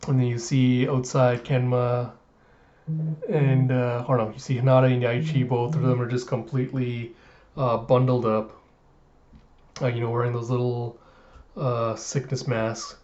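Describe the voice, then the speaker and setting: A man recapping a comic chapter in casual chat, rambling and hesitant with many pauses. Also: mid-range voice, level tone, darkish tone, lo-fi sound. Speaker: manga reviewer.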